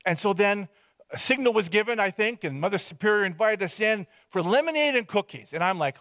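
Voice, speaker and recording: A man's voice: high-pitched, lively intonation, fairly quick, a bit bright, no room sound. A man from British Columbia giving a personal testimony as a rambling, self-deprecating storyteller. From Hope, British Columbia, Canada.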